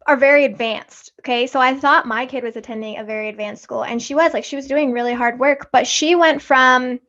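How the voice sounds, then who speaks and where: A woman's voice: high voice, steady tone, fairly quick, fairly bright tone. A woman co-hosting a casual podcast chat, speaking animatedly and acting out talks with her kids. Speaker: podcast co-host. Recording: dull lo-fi audio.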